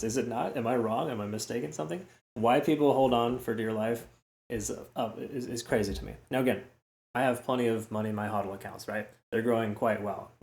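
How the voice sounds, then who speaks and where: Male trading host, low voice, casual rambling delivery, roomy echo. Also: darkish tone. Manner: chatty, repeats words, frequent "okay?" and "right?" asides. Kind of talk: casual chart analysis talk.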